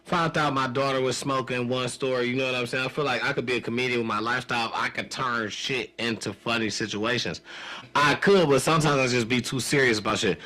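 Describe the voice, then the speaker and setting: A man's voice: mid-range voice, steady tone, fast, bright, forceful tone. A middle-aged man co-hosting a podcast, telling rambling stories full of slang and profanity. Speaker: podcast co-host. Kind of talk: casual chat.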